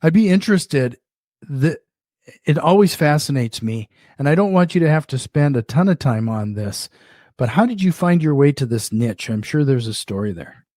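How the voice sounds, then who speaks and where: A man with a Minnesotan accent hosts a relaxed interview, his voice sitting a little high. He circles around his questions before landing them. The sound is dry and close, with no room in it. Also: moderate pace, dry recording. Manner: rambling, restarts questions. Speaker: podcast host. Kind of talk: casual interview.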